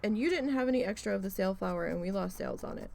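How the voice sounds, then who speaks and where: A woman quoting her irritated male store manager in her own gravelly voice, clipped and bossy. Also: mid-range voice, expressive, rapid-fire, a little mellow. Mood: stern.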